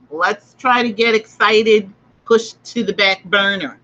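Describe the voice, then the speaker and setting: A woman's voice: medium pitch, slow pace, bright, forceful tone, muffled recording. A woman hosting a livestreamed spiritual book discussion, emphatic and repetitive as she makes her points. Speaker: host.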